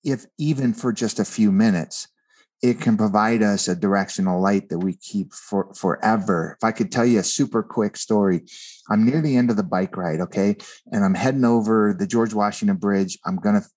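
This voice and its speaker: Earnest low-voiced man telling a story. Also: moderate pace, darkish tone. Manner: earnest, repeats words when starting thoughts. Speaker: guest, author. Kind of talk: conversational storytelling.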